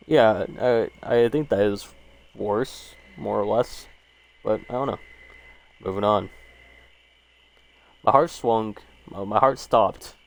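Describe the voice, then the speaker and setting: Here a man with a fairly low, gravelly, darkish voice reads short horror stories aloud and riffs on each in a laid-back way. Swearing and frequent fillers run through his rambling.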